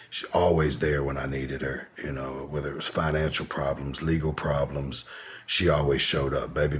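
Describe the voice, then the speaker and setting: A man's voice: a bass voice, husky. A man telling a long personal story as a podcast guest, in a laid-back, profane, rambling way. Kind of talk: casual storytelling in an interview.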